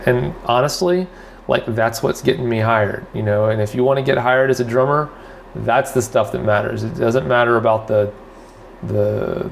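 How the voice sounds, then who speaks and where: A man hosts a podcast lesson on drumming, talking loosely and circling back through fillers and self-corrections. His mid-pitched voice has a gravelly edge to it, with a faint hiss of noise under the recording. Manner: rambling, filler-heavy, loses and finds his thread. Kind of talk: casual spoken drum lesson.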